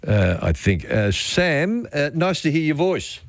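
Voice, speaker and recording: A man's voice: on the high side, big pitch swings, measured pace, creaky, no room sound, studio quality. A man co-hosting a radio show, chiming in briefly and recalling things from memory. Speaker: radio co-host. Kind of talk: casual radio chat.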